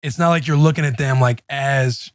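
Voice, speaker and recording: A man hosting a podcast, thinking aloud in a relaxed, rambling way. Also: mid-range voice, normal speed, no room sound, clean studio sound. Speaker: podcast host. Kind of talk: casual conversational chat.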